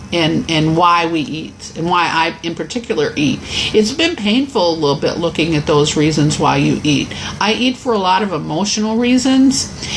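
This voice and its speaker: A woman's voice: lowish voice, a little hiss or hum, poor audio. A middle-aged woman teaching a Christian weight-loss lesson, speaking candidly and encouragingly about her own progress. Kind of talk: personal faith-based lesson.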